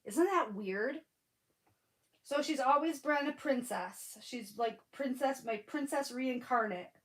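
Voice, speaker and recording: On a craft livestream, a middle-aged woman sniffles after crying as she chats casually with viewers, gushing and addressing each commenter by name. She speaks slowly in a high voice, and the audio is poor.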